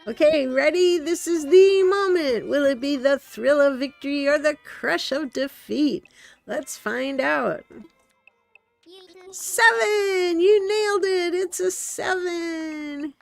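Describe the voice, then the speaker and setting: A sporty, pumped-up male animal villager who calls everyone dude, voiced by a woman reading game dialogue. The voice is gravelly and a little high, with a slow, easy pace. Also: darkish tone. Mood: excited. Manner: hearty, sporty, says "yo, dude". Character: pumped-up male jock animal villager, upbeat gym buff.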